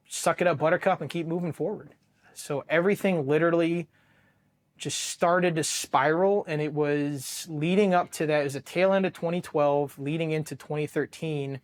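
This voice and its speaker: A man in his thirties with an American accent tells his own story to an interviewer. His voice sits a little high for a man. He talks bluntly, swears freely, restarts his sentences often and acts out what others said to him. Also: moderate pace. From Ohio, United States. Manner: blunt, profane, with many restarts and quoted dialogue. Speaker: Marine veteran guest.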